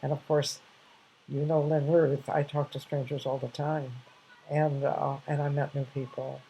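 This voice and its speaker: A woman's voice: low-pitched, level tone, measured pace, mellow, a little hiss or hum, rough recording. An older woman casually sharing reflective anecdotes, rambling with many restarts and fillers.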